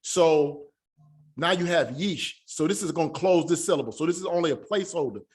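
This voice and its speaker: A man with a slightly high voice teaches a Hebrew lesson. He is patient and repeats each word slowly so his students can follow. His speech is casual and Southern-tinged, with "y'all" and an easy pace. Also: a little mellow. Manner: patient, repeats words slowly to drill pronunciation. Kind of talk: classroom lesson.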